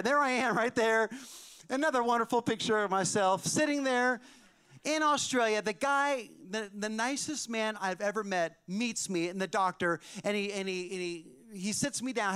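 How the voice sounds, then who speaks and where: A male pastor preaches by telling a story, his voice sitting very high yet clean and smooth. He grows animated and pushes up to shouted peaks as he drives his point home. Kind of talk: storytelling sermon.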